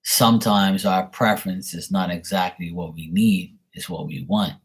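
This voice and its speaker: Husky-voiced man chatting on a stream. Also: low-pitched, moderate pace. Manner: relaxed, rambling, chatty with viewers. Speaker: livestream host doing card readings. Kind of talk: casual live-stream chat and angel card reading.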